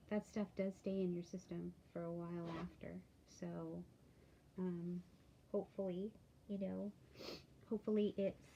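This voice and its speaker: Tired woman vlogging, halting and candid. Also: on the low side, warm tone, muffled recording, slight background noise. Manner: halting, many fillers, candid. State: tired, yawning. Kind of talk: casual video diary.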